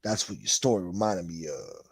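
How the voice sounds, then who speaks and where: A man doing a low whispery streetwise guy. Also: lively intonation, normal speed, vocal fry, breathy edge, dry recording, studio quality, heavily acted. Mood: hushed.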